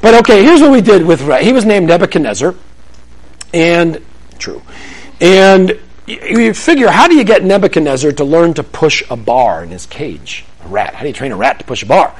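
Man, high voice, lively teaching preacher, conversational. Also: moderate pace. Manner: animated, conversational, acts out scenes. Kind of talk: sermon-style teaching to a live audience.

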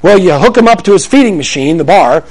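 Man, high voice, lively teaching preacher, conversational. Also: fast. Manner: animated, conversational, acts out scenes. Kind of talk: sermon-style teaching to a live audience.

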